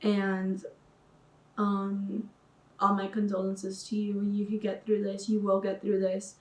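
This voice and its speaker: A woman's voice: medium pitch, monotone, slow pace, a little mellow, reverberant, recorded from a distance. A woman vlogger talking casually about personal growth, chatty and full of slang. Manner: chatty, uses slang like sis and boo-boo. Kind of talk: casual spiritual vlog.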